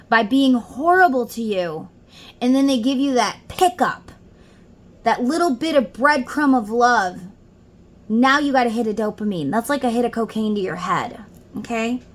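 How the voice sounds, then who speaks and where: A woman's voice: fairly high pitch, expressive, measured pace. Chatty woman giving a spiritual reading at home. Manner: chatty, reads lyrics aloud and explains them. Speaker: tarot reader.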